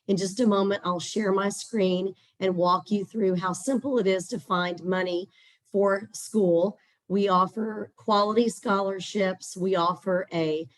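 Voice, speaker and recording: A hoarse woman with a Texas accent, presenting as a guest in a webinar over a video call, chatty and upbeat with frequent fillers. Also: mid-range voice. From Central Texas. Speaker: guest presenter for a scholarship platform. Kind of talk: webinar presentation with screen share.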